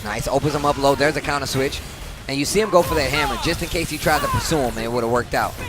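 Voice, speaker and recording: Male co-commentator, relaxed teasing banter, loud venue music behind. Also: mid-range voice, fast. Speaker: esports co-commentator. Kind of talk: live fighting game commentary.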